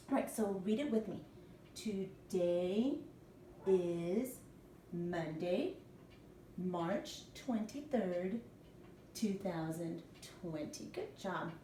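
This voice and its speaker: Woman teacher, patient, spells letters out for little ones; mellow tone, faint room ambience behind. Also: mid-range voice, lively intonation, extremely slow, slight background noise. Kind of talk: recorded classroom lesson for young children. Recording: echoey room, mic at a distance.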